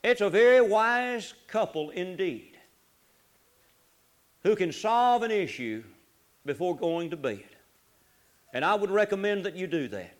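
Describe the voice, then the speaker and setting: A man preaching a folksy sermon, swinging between loud urging and low, quiet asides. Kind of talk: sermon on marriage.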